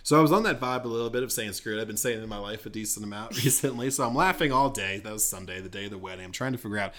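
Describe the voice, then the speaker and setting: A man's voice: lowish voice, very fast. A young man co-hosting a casual podcast, telling a story with frequent laughs and acted-out quotes. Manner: animated storyteller, laughs often, acts out quoted dialogue. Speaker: podcast co-host.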